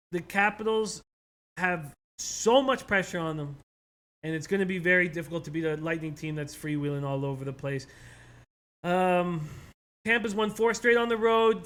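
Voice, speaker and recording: A man's voice: high-pitched, bright, forceful tone, smooth. A man co-hosting a sports betting show, giving his picks in a casual, thinking-aloud way with fillers and repeats. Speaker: co-host, sports betting analyst.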